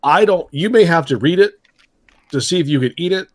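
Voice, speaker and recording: A man hosting a podcast in casual chat, setting up segments with relaxed jokes. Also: a little high, fairly quick, dry recording. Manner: relaxed, joking, sets up segments. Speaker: podcast host.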